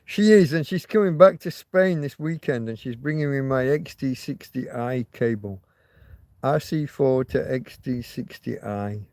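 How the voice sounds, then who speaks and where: Slow, rambling man on a livestream. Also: mid-range voice, darkish tone, no echo. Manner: rambling, swears freely, reads out viewer comments. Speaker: livestream host. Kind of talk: casual livestream chat.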